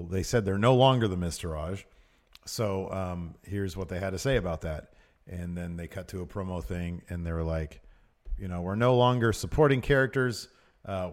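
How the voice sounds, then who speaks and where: A man's voice: low-pitched, darkish tone. A man co-hosting a casual wrestling recap, chatty, laughing easily and trailing off with fillers. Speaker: co-host.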